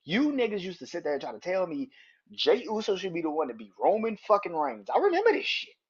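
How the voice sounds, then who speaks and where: A man's voice: high-pitched, big pitch swings, fairly quick, breathy edge. A man hosting a wrestling podcast, ranting in a heated, profane, emphatic way. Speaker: podcast host. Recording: dull lo-fi audio.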